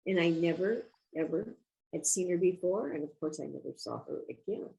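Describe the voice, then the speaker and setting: Older female guest, gravelly tone, reflective and measured, casual conversational storytelling. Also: on the low side, lively intonation, mellow, lo-fi sound. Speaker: guest author.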